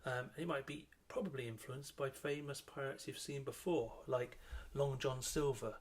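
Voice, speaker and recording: A middle-aged man with a slightly husky, middle-pitched voice talks young children through a drawing lesson. He explains as he sketches, friendly and unhurried, dropping in plenty of ums along the way. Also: steady tone. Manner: chatty and unhurried, with frequent ums. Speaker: children's author and illustrator leading a drawing workshop.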